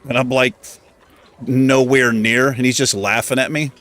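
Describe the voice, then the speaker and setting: A man's voice: mid-range voice, brisk. A man hosting a livestream in a casual chat, self-mocking and chuckling often as he fumbles over pronunciations. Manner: animated, struggling over pronunciation. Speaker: livestream host.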